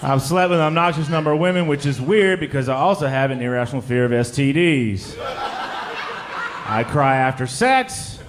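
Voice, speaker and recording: A man's voice: fairly high pitch, fast, few pauses. A man performing a stand-up comedy set on a club stage, telling crude, self-deprecating confessional jokes and questioning the crowd directly. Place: comedy club stage before a laughing audience.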